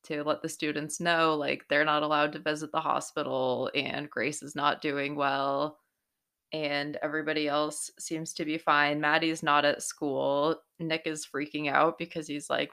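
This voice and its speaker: A woman's voice: low voice, little pitch movement, unhurried, pushed and bright, clear, resonant tone. A young woman recapping a TV episode in casual, chatty talk, swearing freely and breaking into exclamations. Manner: chatty and profane, exclaiming in bursts. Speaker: TV recap host.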